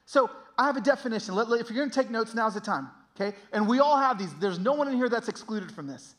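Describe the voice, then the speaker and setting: Young male pastor, high lively voice, animated storyteller on stage. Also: quick pace. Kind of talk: sermon.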